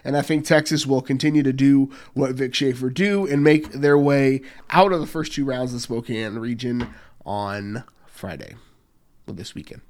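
A man in a middle pitch range co-hosts a sports podcast. He talks in a steady, upbeat way about the teams. The delivery is casual and unhurried. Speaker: podcast co-host.

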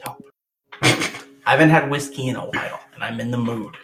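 A man co-hosting a podcast in casual chat, teasing bluntly and crudely with a deadpan delivery. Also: medium pitch, normal speed, faint music behind. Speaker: podcast co-host.

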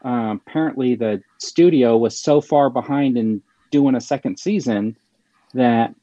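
A man's voice: medium pitch, unhurried, mellow, no room sound. A man hosting a casual chat, rambling with many fillers and restarts. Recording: slightly dull lo-fi sound.

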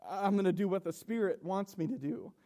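A young man preaching an emotional sermon in a church, halting and repeating himself with nervous laughs. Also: high voice, warm tone. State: emotional, coughing.

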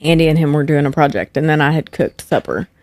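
A young adult woman with a deep voice speaks fast as a podcast guest; she is the host's wife. She tells stories in casual chat, animated and acting out the voices of the people she quotes. The recording is dry.

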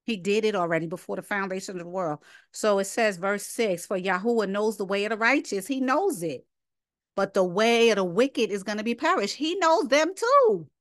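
A woman's voice: medium pitch, a little fast, no echo, studio quality. A woman teaching a casual scripture lesson, reading verses aloud and then commenting directly to her listeners. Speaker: Bible study teacher.

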